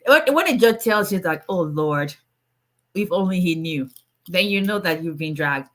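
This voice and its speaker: Woman attorney, chatty livestream host, bright tone, laughs easily with her viewers. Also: on the low side, lively intonation, normal speed. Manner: chatty and playful, laughs often, greets viewers by name. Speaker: immigration attorney. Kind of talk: casual livestream chat with viewers.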